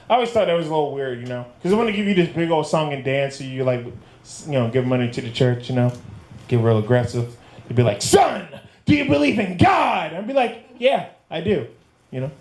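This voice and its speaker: A man doing a stand-up comedy set in a club, acting out shouting preachers. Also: fairly high pitch. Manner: animated, mimics shouting preachers. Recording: roomy club with echo.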